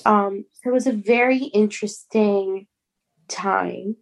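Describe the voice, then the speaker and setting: A young woman who is a mother, telling a personal story in an earnest, halting way, often restarting words. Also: mid-range voice, steady tone, gravelly. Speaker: guest.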